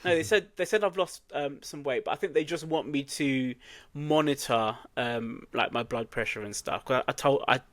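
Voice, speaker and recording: A man, co-hosting a casual podcast chat as an animated storyteller who laughs at himself. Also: mid-range voice, normal speed, no room sound. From England. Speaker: podcast co-host.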